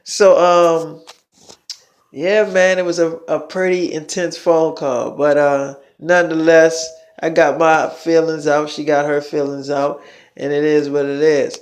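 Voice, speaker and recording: A man's voice: a little high, little pitch movement, measured pace. A man casually retelling a heated phone call as a vlogger, swearing freely and rambling through the story.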